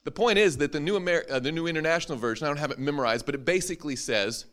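A man's voice: a little high, very fast, a bit bright. A man, a preacher, teaching an interactive Bible class to a live audience, joking and quizzing them as he goes.

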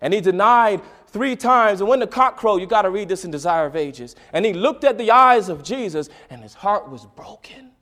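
A man preaching a sermon, swinging between quiet, intimate lines and loud, dramatic bursts as he acts out a story. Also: sits high. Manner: dramatic swings from soft to loud, acting out voices.

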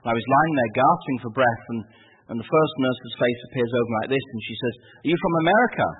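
Husky English man telling a story. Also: mid-range voice. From England. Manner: halting, many fillers and restarts, vivid. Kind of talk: personal testimony storytelling. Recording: tinny phone-like radio sound.

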